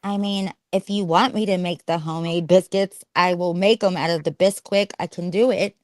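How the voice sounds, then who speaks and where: A woman's voice: on the low side, steady tone, moderate pace, a little mellow, dry recording, clean studio sound. A woman with a Southern US accent chatting as a guest, bubbly and boastful, laughing often. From Nashville, Tennessee, US. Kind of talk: casual chat.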